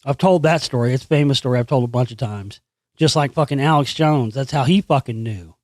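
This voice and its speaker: A man hosting his own channel, delivering a profane, sarcastic ranting monologue and animated storytelling. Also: mid-range voice, fairly quick, no echo, clean studio sound. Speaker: channel host.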